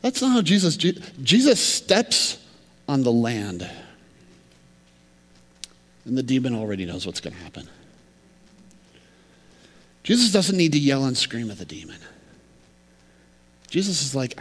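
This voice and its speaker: A male pastor preaching a sermon in a conversational yet emphatic way, swinging between loud and quiet passages. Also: on the high side, big pitch swings, takes it slowly, long pauses. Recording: long reverb of a large hall.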